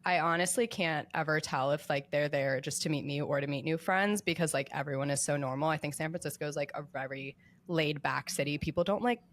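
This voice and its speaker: A woman's voice: low-pitched, fairly quick. A young woman talking as a podcast guest in a casual, chatty way, with lots of filler words. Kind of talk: casual chat.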